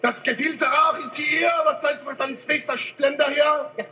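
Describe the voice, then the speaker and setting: A man playing a mock-German military officer, spouting excitable fake German gibberish in a 1950s TV sketch. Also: very high voice, moderate pace, creaky, pitched above the performer's own voice. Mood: blustering. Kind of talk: 1950s live TV sketch comedy. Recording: echoey lo-fi old TV audio.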